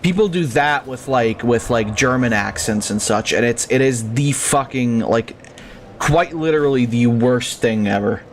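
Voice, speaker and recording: A man's voice: mid-range voice, unhurried, slight background noise. A young man streaming a game, chatting casually in a rambling, profane, ranting way. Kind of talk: casual live-stream commentary.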